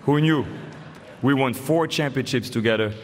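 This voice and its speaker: In a big, echoing hall with faint background ambience, a man from France in his forties gives his induction speech from a podium, telling stories and cracking jokes in a French accent. His pitch is medium, the pace moderate, and there's a little hiss or hum.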